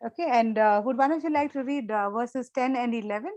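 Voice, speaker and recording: A woman with a fairly high voice leads a small Bible study group. She talks through the passage conversationally, repeats her points and keeps asking the group whether they follow. The sound is close and dry. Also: fairly quick, a little mellow, dry recording, poor audio.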